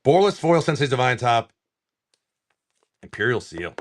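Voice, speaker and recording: A man's voice: mid-range voice, sing-song, normal speed. A man hosting a casual livestream, opening card packs, often swearing and exclaiming over the pulls.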